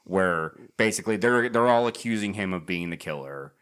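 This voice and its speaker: Low-voiced man recapping a movie. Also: normal speed, clear, resonant tone. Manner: animated retelling, acts out characters' lines, swears freely. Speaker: podcast co-host. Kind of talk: casual movie recap chat.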